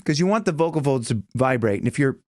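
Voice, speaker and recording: Chatty male vocal coach, lively pitch. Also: quick pace, dry recording, studio quality. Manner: chatty, rambling, breaks into high sung examples and vocal fry. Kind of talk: casual vocal lesson with sung demonstrations.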